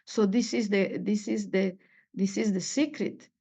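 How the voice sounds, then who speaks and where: A woman giving a meditation lesson, halting and searching for words with many fillers. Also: medium pitch, steady tone, vocal fry, dark tone, breathy edge. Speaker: spiritual teacher. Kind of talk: meditation teaching talk. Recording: dull lo-fi recording.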